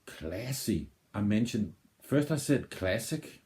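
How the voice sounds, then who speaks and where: Danish man hosting a reaction video; very low, mellow voice; unhurried, meandering delivery. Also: lively intonation. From Denmark. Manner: rambling, thinks aloud with many restarts. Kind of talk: casual reaction commentary.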